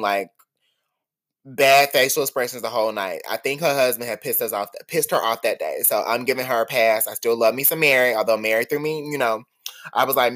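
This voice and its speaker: A man hosts a casual solo podcast, spinning stories in a gossipy, animated way. His mid-range voice swoops up and drops low for dramatic asides. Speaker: podcast host. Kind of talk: casual storytelling monologue.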